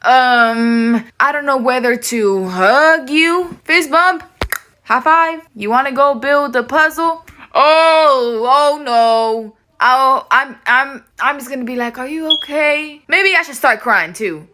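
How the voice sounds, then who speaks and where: Slow, awkward high-voiced woman. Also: pushed and bright, slight background noise. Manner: awkward, unsure, rambling. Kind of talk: short social media clip.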